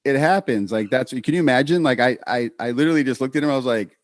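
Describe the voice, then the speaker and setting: A man's voice: medium pitch, no room sound, studio quality. A man co-hosting a podcast in casual chat, telling stories with many restarts. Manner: storytelling, animated, quick restarts. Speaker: podcast co-host.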